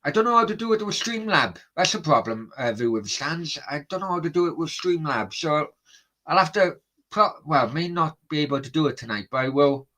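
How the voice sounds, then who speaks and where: A man's voice: fairly high pitch, animated, brisk, pushed and bright. A man hosting a football watchalong stream, chatting bluntly and swearing as he answers his chat. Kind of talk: casual live-stream chat.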